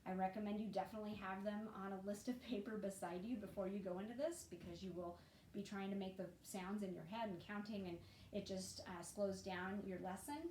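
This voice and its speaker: A reading teacher gives an instructional video lesson to parents, patiently explaining and demonstrating sounds. Her medium-pitched voice is steady, brisk, and a little mellow, recorded in an echoey room with faint noise.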